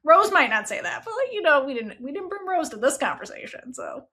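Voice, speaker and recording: A woman hosting a casual book review podcast, chatty and expressive, swearing freely as she talks. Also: high voice, a little fast. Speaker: book club podcast host.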